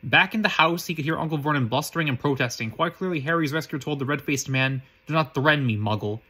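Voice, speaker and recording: Fast husky man reading with frequent slips. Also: on the high side, pushed and bright. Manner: halting, frequent restarts and slips. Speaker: reader. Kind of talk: reading a fan story aloud.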